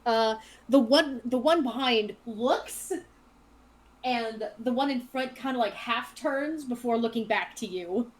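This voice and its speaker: A woman narrating as game master in a tabletop role-playing game, brisk and directive. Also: fairly high pitch, low-quality recording. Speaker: dungeon master.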